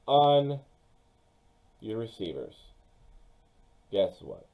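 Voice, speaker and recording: A young man giving casual, excitable commentary on his own football mock draft, speaking straight to his viewers. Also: fairly low pitch, slow pace, long pauses, poor audio. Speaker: sports YouTuber.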